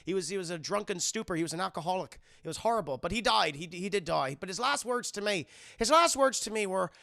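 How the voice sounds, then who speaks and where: High raspy guy streamer recapping a movie to chat, swears a lot, bright tone. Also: quick pace. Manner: animated, profane, talks to chat.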